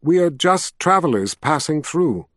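A man voicing a grave, quiet young noblewoman. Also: on the high side, very animated, measured pace, no room sound, studio quality, voice pushed up. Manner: quiet and grave, sometimes whispering. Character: young woman of authority, grave, gentle.

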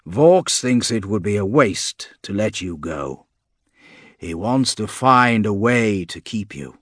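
A man voicing an irritable, bedraggled male monster who counts corpses, speaking slowly and loudly in an audiobook. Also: lowish voice, expressive, no echo, studio quality, heavily acted. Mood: irritable, commanding. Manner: slow, loud, heavy delivery. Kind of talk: audiobook character voice.

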